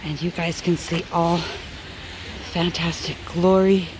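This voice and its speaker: A winded woman talks straight to her viewers in a relaxed, slow way. She films herself on a handheld phone at an outdoor amphitheater at high altitude. Faint outdoor noise sits under her voice. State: out of breath. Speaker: crafting channel host. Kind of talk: casual vlog chat. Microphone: handheld phone camera.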